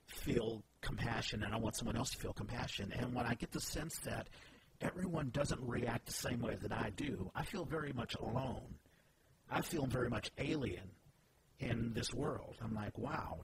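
Earnest man talking faith, noisy recording. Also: mid-range voice. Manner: earnest, emphatic, personal storytelling. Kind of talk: casual faith discussion. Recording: noisy background ambience.

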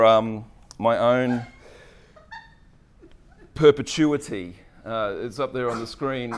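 A middle-aged man tells a personal story from the pulpit. His voice sits at a middle pitch, and his talk is loose, self-deprecating and full of ums and restarts. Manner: chatty, self-deprecating, many fillers. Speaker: preacher. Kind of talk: storytelling sermon.

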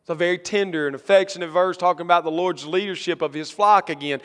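A man with a notably high voice delivers a sermon from the pulpit. He reads scripture slowly and builds to emphatic, rising lines, and his voice rings on in the long reverb of a church sanctuary. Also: fairly bright tone. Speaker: pastor.

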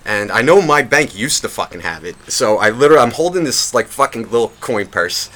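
A podcast co-host with a brisk, mid-range male voice tells a rambling, animated story packed with swearing. It's casual storytelling, profane and full of energy in the retelling.

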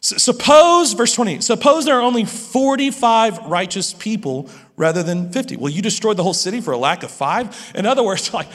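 A man preaching a sermon as pastor, lively and animated, often stammering and restarting his phrases. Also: sits high, fairly quick, few pauses, long reverb tail.

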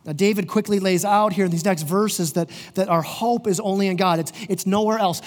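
A man's voice: high voice, a little fast, few pauses. A middle-aged man preaching a sermon as pastor of his church, earnest, often restarting his words as he goes. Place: church sanctuary. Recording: long hall reverb.

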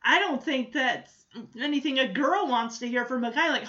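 A woman's voice: high-pitched, normal speed, pushed and bright, dull audio. Chatty woman recapping a sitcom. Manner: chatty, giggly, lots of fillers like "like" and "you know". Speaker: show recap host. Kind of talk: casual episode recap.

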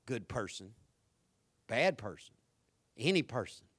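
A man, preaching a sermon in a church, swinging from loud passion to hushed intimacy and telling folksy stories full of rhetorical questions. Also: mid-range voice, very animated, measured pace, breathy edge. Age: 50s. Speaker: pastor.

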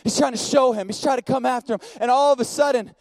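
A man with a very high voice preaches a sermon in a steady repeating cadence. He sinks into hushed storytelling and builds up to shouted exhortation. The sound is dry and close, with no room in it. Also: fast talker, dry recording. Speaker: pastor.

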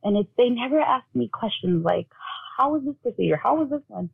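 A woman with a gravelly, husky voice tells her own story as an interview guest. She talks in a halting way full of fillers, and she acts out what family members said. The audio is thin and phone-like. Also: on the high side, expressive. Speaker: guest, bereaved mother. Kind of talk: personal storytelling in conversation.

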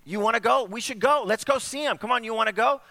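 A man's voice: very high-pitched, vocal fry, sharp tone, voice pushed up, exaggerated voice. A man voicing an eager friend who urges his companion to come along. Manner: pleading, hurried. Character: eager excited young male friend.

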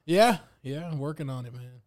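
A man's voice: fairly high pitch, expressive, normal speed, darkish tone. A man chatting casually on a podcast, laid-back and agreeable, often laughing along. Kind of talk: casual chat.

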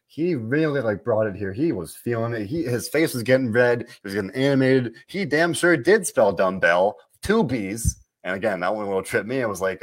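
A man hosting a casual wrestling podcast, talking in an animated, rambling way and often cutting himself off. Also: on the low side. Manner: rambling, animated, self-interrupting. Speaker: podcast host. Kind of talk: casual wrestling recap chat.

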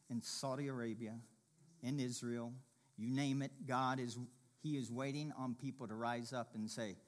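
A man preaching a sermon as pastor, swinging from impassioned loud passages to hushed, quiet ones. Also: medium pitch.

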